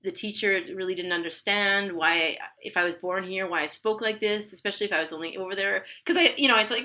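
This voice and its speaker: A middle-aged woman, chatting as a podcast guest. Her voice is bright and forward. She explains things at length and laughs easily between points. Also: mid-range voice, fast, hardly any pauses. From Canada. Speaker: linguist guest. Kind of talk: podcast interview.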